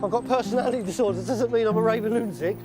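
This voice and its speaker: A man's voice: high voice, rapid-fire, over loud music. A man, a psychiatric inpatient out on leave, talking casually and constantly adding "you know what I mean". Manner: chatty, peppers talk with "you know what I mean" and laughs. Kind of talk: casual chat while out and about.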